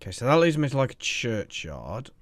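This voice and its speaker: A man's voice: mid-range voice, big pitch swings, a little fast. A man playing a horror game who reads its letters and dialogue aloud and jokes between the lines. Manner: jokey, reads dialogue and letters in put-on voices. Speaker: gaming YouTuber. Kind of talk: let's play commentary, reading game text aloud.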